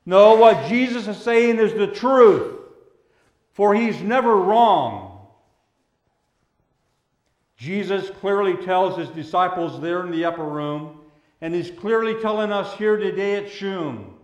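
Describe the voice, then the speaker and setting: High-voiced pastor in an echoey church. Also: male voice. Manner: measured, with drawn-out emphasis on key words. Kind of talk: sermon. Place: church sanctuary.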